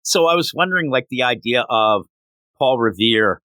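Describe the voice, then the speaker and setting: A man co-hosting a podcast, chatting casually in an animated, rambling, joking way. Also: medium pitch, normal speed, no echo. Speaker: podcast co-host. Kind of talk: casual chat.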